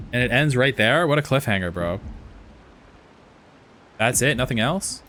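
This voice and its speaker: A man's voice: mid-range voice, expressive, a little slow, pauses often, pushed and bright. Casual male streamer who laughs a lot and swears freely. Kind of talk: live reaction stream.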